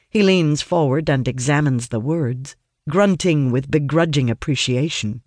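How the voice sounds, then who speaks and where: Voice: medium pitch, a little slow, dry recording. Dry, close first-person fantasy narrator. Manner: earnest and studious, animated in dialogue. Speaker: audiobook narrator.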